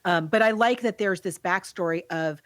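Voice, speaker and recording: A woman co-hosting a podcast, chatting casually about a movie and telling scenes in an animated way. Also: fairly low pitch, no echo. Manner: animated storyteller who acts out scenes with quick laughs. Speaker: podcast co-host.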